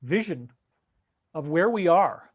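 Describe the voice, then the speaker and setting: A man's voice: fairly high pitch, expressive, takes it slowly, slightly rough. A man earnestly telling a dramatic spiritual story about his own experience. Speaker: spiritual speaker. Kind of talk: emotional personal storytelling.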